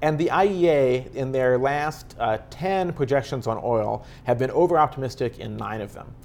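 A man, an author and technologist, giving measured, explanatory answers in an interview. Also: mid-range voice, vocal fry. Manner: earnest, explanatory, steady.

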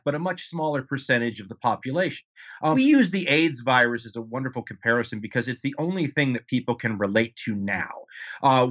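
A man's voice: mid-range voice, fairly bright tone, dull audio. A man speaking as an author guest in an interview, explaining his ideas at length with frequent restarts and rhetorical questions. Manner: discursive, restarts often, rhetorical "right?". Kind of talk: conversational interview answers.

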